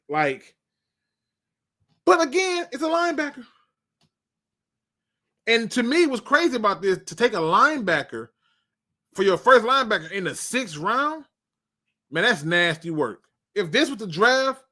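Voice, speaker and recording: Guy on a football draft livestream, high bright voice, joking around, real animated. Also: unhurried, pauses often. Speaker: sports show host. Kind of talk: live-stream football draft talk.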